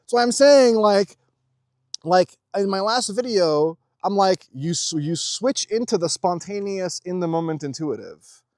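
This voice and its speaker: A young man talks straight to his viewers about the spiritual path, emphatic and profane, surging between hushed and fired-up. His voice sits a little high for a man. The sound is dry and close, with no room around it. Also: lively intonation, no echo. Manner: emphatic, swears freely, fast-shifting intensity. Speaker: spiritual video host. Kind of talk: casual spiritual monologue.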